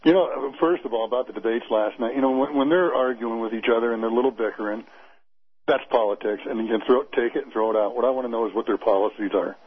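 A male radio caller from Nevada, talking in an earnest, conversational way. His voice is husky and comes through a thin, phone-like line. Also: mid-range voice, fast talker.

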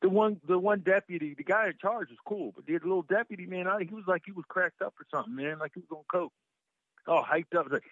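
Husky man telling a heated story. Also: sits high, quick pace, no room sound. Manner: animated storytelling, swearing, repeated restarts. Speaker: co-host. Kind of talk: casual talk show banter. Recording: muffled lo-fi sound.

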